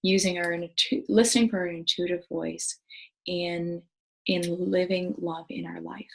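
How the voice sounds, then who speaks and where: A woman's voice: lowish voice, fairly even intonation, unhurried, vocal fry, darkish tone, rough recording. A middle-aged woman hosting a wellness video, talking earnestly and with enthusiasm, with many fillers and restarts. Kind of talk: casual talk to camera.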